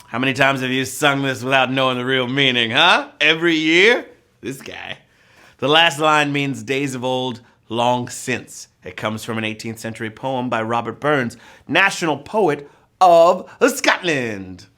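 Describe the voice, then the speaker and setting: A man's voice: mid-range voice, unhurried, pushed and bright. A man hosting a live trivia show, reading questions with playful rhyming quips and jokes. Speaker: trivia game show host.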